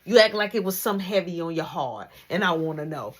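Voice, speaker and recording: A woman voicing a tough, no-nonsense mother who threatens her sons with slow, drawn-out warnings. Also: lowish voice, expressive, slightly rough, voice pushed down. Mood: stern.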